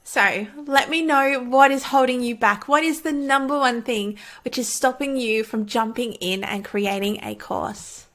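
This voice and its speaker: A woman's voice: on the high side, measured pace, few pauses, fairly bright tone. A woman who makes online courses, talking casually to camera in an encouraging, chatty way and laughing often. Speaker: online course creator and coach. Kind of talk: casual talk to camera teaching.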